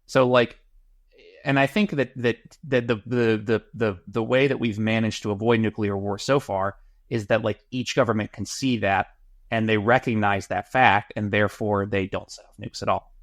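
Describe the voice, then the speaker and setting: A man co-hosting a podcast in casual discussion, halting and repeating words as he works out his thoughts. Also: lowish voice, steady tone, dry recording, studio quality. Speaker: podcast co-host.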